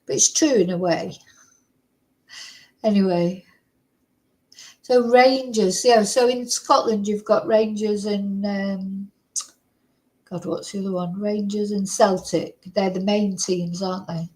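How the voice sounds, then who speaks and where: A woman's voice: mid-range voice, steady tone, slow, pauses often, darkish tone, rough recording. Woman, Mancunian accent, middle-aged, casual rambling chat, fillers and chuckles. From Manchester, England. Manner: rambling, chatty storyteller with frequent fillers and laughs. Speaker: vlogger.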